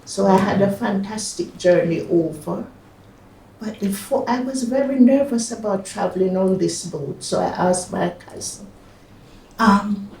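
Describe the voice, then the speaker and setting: A woman's voice: mid-range voice, animated, a little slow, gravelly, a little mellow. An older woman from Jamaica with a Jamaican accent, recalling her past in an oral history interview, hesitant, with fillers and restarts. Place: community centre room. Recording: echoey room, mic at a distance.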